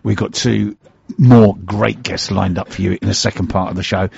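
A man's voice: deep voice, steady tone, moderate pace, gravelly, a little mellow, breathy edge, dry recording, lo-fi sound. A man hosting a radio show in a casual, jokey, teasing way.

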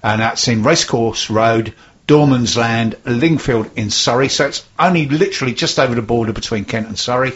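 A man's voice: medium pitch, moderate pace, highs cut off. Dry-humored man co-hosting radio. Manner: dry, understated replies. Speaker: radio co-host. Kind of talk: casual radio chat and event announcements.

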